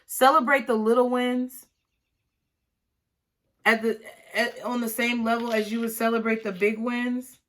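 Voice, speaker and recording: A woman's voice: fairly high pitch, flat delivery, measured pace, long pauses, a bit bright, slight background noise. A woman giving a casual, encouraging tarot reading to her viewers, often checking in with "okay?". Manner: encouraging, repeats words, many "okay?" asides. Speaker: tarot reader.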